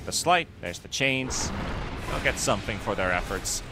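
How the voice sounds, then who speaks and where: A man calling live esports play-by-play, excitable with quick calls and easy laughter. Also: lowish voice, over music. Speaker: esports caster.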